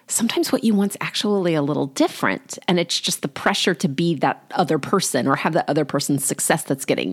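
A woman life coach talking through a solo podcast episode in an encouraging, conversational way, with casual fillers. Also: on the low side.

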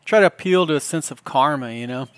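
A man's voice: on the high side, fast talker, clean tone. Wry storytelling man, podcast host. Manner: wry, deadpan. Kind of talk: comedic storytelling monologue.

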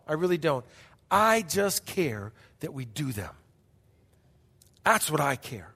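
A middle-aged male pastor preaching a sermon as a story, emphatic and repetitive, dropping to hushed passages between bursts. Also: sits high, expressive, slow. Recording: long hall reverb.

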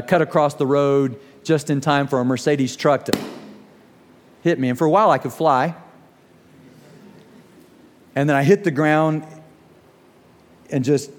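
A middle-aged man preaching a sermon, telling a story and slowing down for emphasis. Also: medium pitch, big-room sound, slight background noise. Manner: storytelling with acted quotes, slows for emphasis. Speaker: pastor.

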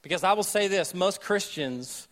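A man preaching a sermon with a Southern US accent, joking with the congregation, then dropping to a hushed, slow delivery. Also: high voice. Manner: animated, jokey asides, shifts between loud and hushed delivery. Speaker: pastor.

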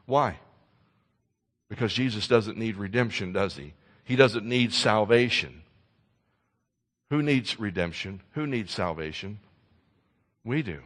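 A man preaching a sermon in an earnest way, swinging between loud emphasis and soft, intense passages, often repeating words as he starts a sentence. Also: lowish voice, lively intonation, slow, long pauses, big-room sound. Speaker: pastor.

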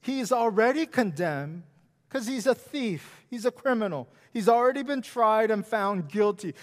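A male pastor preaching in a large church, his voice echoing with a long reverb. He speaks at a high pitch and an unhurried pace, repeating phrases for emphasis and dropping from loud declarations to near-whispers. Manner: dramatic swings from loud emphasis to hushed whispers. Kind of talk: sermon.

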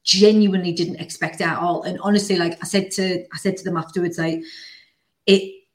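A woman hosting a podcast, telling a story in an animated, casual way with plenty of "like" and the odd swear word. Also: fairly low pitch, a little fast. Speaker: podcast host. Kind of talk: casual chat.

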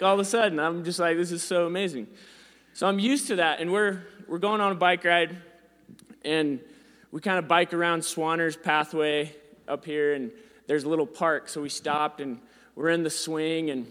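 A man telling a funny story about being a dad in a casual, animated, self-deprecating way. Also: in a large hall. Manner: animated, self-deprecating, gets louder and higher when excited.

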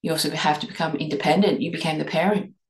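A woman hosting a reflective podcast, leading listeners through a string of gentle questions. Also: low-pitched, fairly even intonation, quick pace. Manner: asks many guiding questions, gentle restarts. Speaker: podcast host and eating coach. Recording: echoey room.

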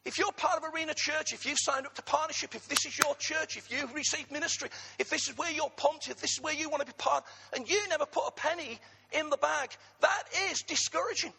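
A middle-aged man from England preaching a sermon, husky in tone, with humorous asides to the congregation. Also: very high-pitched, fairly quick, bright, forceful tone, big-room sound. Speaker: pastor.

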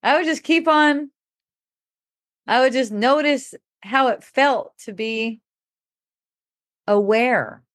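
A woman's voice: high-pitched, slow pace, pauses often, dry recording, studio quality. A middle-aged woman telling a personal story in casual talk, laughing often and acting out what people said. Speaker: podcast speaker.

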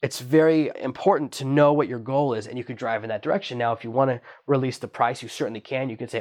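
A man teaching online selling at a quick clip. He keeps it chatty and conversational, and he lifts his voice to act out what customers and sellers say. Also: mid-range voice. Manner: quick, chatty, acts out quoted lines in a raised voice. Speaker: online business instructor. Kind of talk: teaching monologue.

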